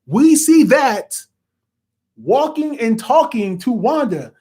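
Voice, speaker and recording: A young man hosting a casual spoiler review of a TV episode, excitable and animated, often acting out reactions. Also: very high-pitched, takes it slowly. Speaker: reviewer and host.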